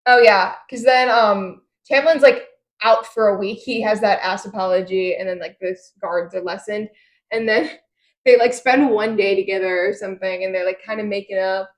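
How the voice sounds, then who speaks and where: A woman's voice: medium pitch, steady tone, moderate pace. A young woman co-hosting a casual book podcast, slangy and giggly, often acting out characters' lines. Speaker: podcast co-host.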